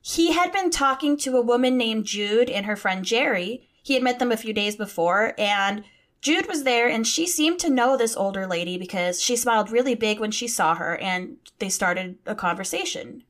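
A woman's voice: fairly high pitch, animated, normal speed. A woman hosting a podcast, telling a true-crime story in a chatty way, swearing casually and reading out quotes. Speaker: podcast host.

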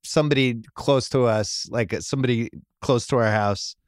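A man's voice: mid-range voice, moderate pace, no echo, clean studio sound. A middle-aged man hosting a podcast, telling a rambling family story in casual chat and laughing at his own jokes. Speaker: podcast host.

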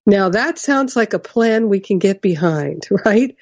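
A woman giving a measured spiritual teaching talk, explaining ideas and often checking in with "right?". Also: fairly high pitch, lively intonation, no room sound, highs cut off.

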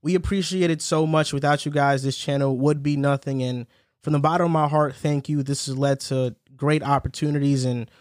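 A young man hosting a casual sports podcast with a slightly high voice. The sound is dry and close. He tells stories through laughter and rattles off lists at a quick clip. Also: steady tone, darkish tone, no room sound. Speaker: podcast host.

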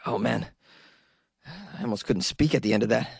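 A man's voice: lowish voice, moderate pace, vocal fry, slightly rough, no room sound, studio quality. A man hosting a comedic news segment, chatty and joking, asking viewers questions. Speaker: comedy show host.

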